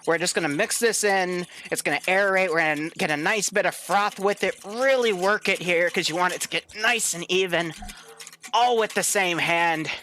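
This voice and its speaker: A man's voice: sits high, normal speed, pushed and bright, a little hiss or hum. A man hosting a live stream, playfully talking through a recipe like a mock cooking show and swearing often. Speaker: stream commentator. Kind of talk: joking live-stream banter.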